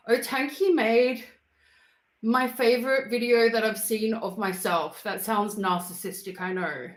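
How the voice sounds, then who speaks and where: Her voice a little high, steady in tone, and measured in pace, an Australian livestream host chats playfully in slang with her viewers. She's at home, moving into the kitchen, and the recording sounds roomy.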